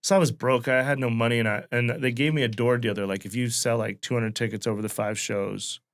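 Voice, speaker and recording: Guesting on a podcast, this Wyoming-born comedian in his late thirties shares a loose, profane anecdote in casual storytelling fashion. He speaks a little fast in a mid-range voice with fairly even intonation.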